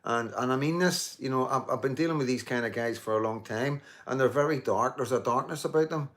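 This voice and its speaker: A man in his fifties hosts a casual live stream, going through viewer comments while swearing and joking with commenters. His voice is medium-pitched and fairly bright, and he talks a little fast. Emphatic in manner, he repeats himself, restarts frequently, and leans on "you know."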